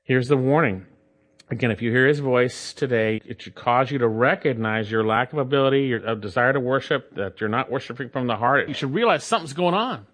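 A man's voice: medium pitch, fairly quick, fairly bright tone. A man preaching a sermon, earnest and emphatic, building up to stressed points and mimicking complainers. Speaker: pastor.

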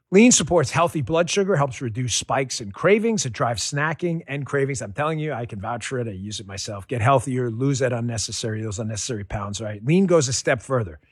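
A man reading a sponsor ad live on a radio show as a pushy, energetic pitchman. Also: slightly rough, no echo, studio quality.

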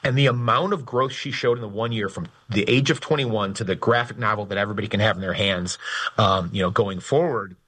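An enthusiastic man talks as a guest in a radio interview, with a bright, forward voice and a husky edge. He speaks in animated bursts, restarting his sentences and tumbling over fillers. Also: on the low side, brisk. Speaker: graphic novel writer and guest; teacher.

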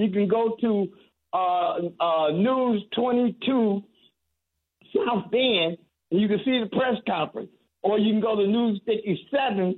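Earnest man on a tinny phone line. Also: sits high. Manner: earnest, halting with repeated restarts. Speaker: reverend, radio guest. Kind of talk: call-in radio talk.

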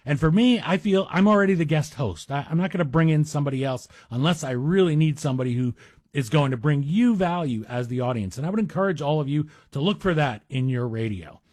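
A middle-aged man hosts a talk radio monologue in a husky, slightly raised voice. He talks in a chatty, wry way full of self-deprecating asides, recorded close on a dry studio microphone. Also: a little high, expressive, brisk, darkish tone, dry recording. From Greek heritage. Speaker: radio guest host.

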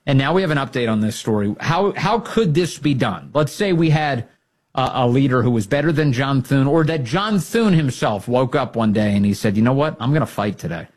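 A man hosting a political talk program, giving emphatic, rallying commentary that swings up in pitch when he gets fired up. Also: lively intonation, moderate pace, darkish tone. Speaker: political talk show host. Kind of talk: opinionated commentary.

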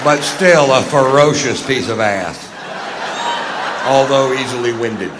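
A middle-aged man doing stand-up on a big theater stage, stretching his punchlines out dry and slow. His voice rings through a long hall reverb over a loud crowd and steady room noise. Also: medium pitch. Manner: dry, drawn-out punchlines, acts out shouted quotes. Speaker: stand-up comedian. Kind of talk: stand-up routine. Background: audience laughter.

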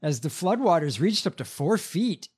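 A man's voice: on the high side, very animated, normal speed, a little mellow, slightly rough. A man co-hosting a casual show, reading news stories aloud with many hesitations. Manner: hesitant, lots of ums. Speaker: podcast co-host reading news. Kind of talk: casual chat, reading headlines.

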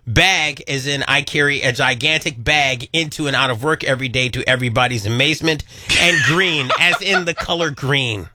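A man co-hosting a radio show, giving game clues and telling rambling stories with dark jokes. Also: medium pitch, moderate pace. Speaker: radio co-host. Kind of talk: casual radio banter.

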